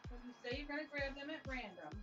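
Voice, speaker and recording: A woman's voice: high-pitched, expressive, fast, a bit bright, dull audio, soft background music. An older woman joining a sewing stream as a guest, asking lots of questions to clarify. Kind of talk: casual chat.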